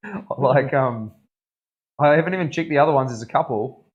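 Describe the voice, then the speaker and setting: A man's voice: mid-range voice, animated, a little fast, husky, dull audio. A young man, a tattoo artist, chatting casually on a live stream while he works, laughing often and thanking viewers. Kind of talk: casual livestream chat while working.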